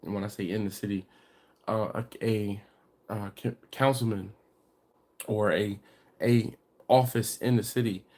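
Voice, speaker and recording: A man's voice: on the low side, fairly even intonation, a little slow, pauses often, darkish tone. A middle-aged man with a congested voice, hosting a barbecue channel's live stream in a casual, rambling way with many fillers and restarts.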